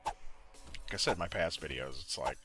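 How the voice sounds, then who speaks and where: A man's voice: rumbling low, normal speed, sharp tone, soft background music. A man recording casual voice-over commentary for a gameplay video, rambling and swearing, with many fillers and self-corrections. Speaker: gaming video creator. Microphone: desktop mic, voice-over recording.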